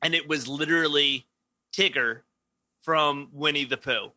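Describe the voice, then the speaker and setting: Guy on a comedy podcast, kinda high and really bright voice, telling goofy stories. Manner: joking, storytelling with quick impressions and frequent laughs. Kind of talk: casual comedic chat.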